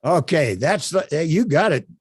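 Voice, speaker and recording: Animated man teaching a webcam workshop. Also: a little high, moderate pace, breathy edge, no echo, clean studio sound. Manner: animated, emphatic, with frequent uh fillers. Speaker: workshop instructor. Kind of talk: live online workshop teaching.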